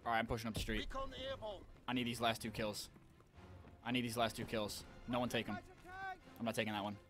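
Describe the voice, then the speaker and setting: A young man giving excitable live commentary on an online shooter match, talking to his viewers and trash-talking as he plays. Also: on the low side, fairly quick, music in the background. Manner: excitable, talks to viewers, trash-talks while playing. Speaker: gaming channel host.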